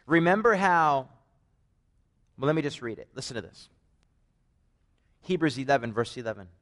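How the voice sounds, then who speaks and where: A man's voice: medium pitch, a little fast. A man with a Canadian accent preaches a conversational sermon, telling stories with joking asides. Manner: animated storytelling, joking asides.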